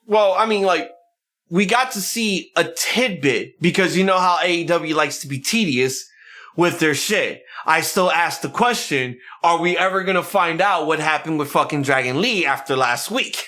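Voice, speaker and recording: Animated bright-voiced man ranting. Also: a little high, moderate pace. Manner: animated, profane, acts out quotes in exaggerated voices. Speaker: podcast co-host. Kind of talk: casual banter podcast.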